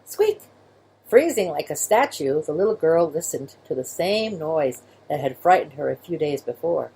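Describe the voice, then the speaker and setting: Children's storyteller, woman; low-ish, husky, very animated read-aloud. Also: normal speed. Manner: expressive, gentle, with sound effects.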